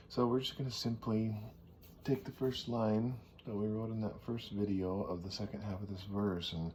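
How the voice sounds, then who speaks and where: A man casually teaching songwriting, thinking aloud and sometimes clearing his throat. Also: lowish voice, level tone, normal speed, darkish tone, lo-fi sound. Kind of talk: casual teaching with sung demonstrations. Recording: faint background noise.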